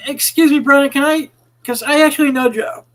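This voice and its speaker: A middle-aged man with a strikingly high-pitched speaking voice. He co-hosts a casual podcast chat in a friendly way, often stammering and repeating words as he begins a thought. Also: steady tone, brisk, fairly bright tone, low-quality recording. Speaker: podcast co-host.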